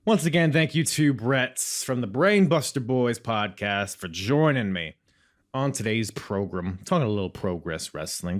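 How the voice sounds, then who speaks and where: A male podcast host with a lowish voice who talks loud and rambles. His jokes run crude and offhand, and the chat stays casual throughout. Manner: loud, says he yells.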